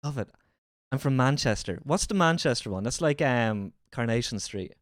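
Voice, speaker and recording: A streamer talks on a livestream in a rambling, jokey, often crude way. The voice bounces lively up and down, and it sounds dry and close. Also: medium pitch, moderate pace, dry recording. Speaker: livestream host. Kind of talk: casual streaming chat.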